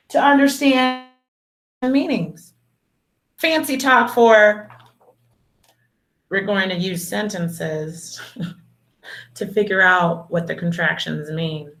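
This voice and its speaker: Slow, sing-song woman teaching little kids. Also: medium pitch, expressive, fairly bright tone. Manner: slow, encouraging, sing-song teacher talk with drawn-out words; affectionate, calls the children "my dears" and "superstars". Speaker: kindergarten teacher. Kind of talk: video lesson for young children.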